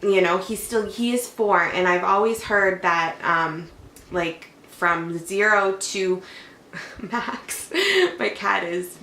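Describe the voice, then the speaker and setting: A woman's voice: fairly low pitch, fairly even intonation, slow pace, pushed and bright. A young adult woman and mother, chatting casually at home as she rambles through a personal story, full of "like". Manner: chatty, rambling, heavy use of "like". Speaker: mother and vlogger. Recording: echoey room, faint background hum.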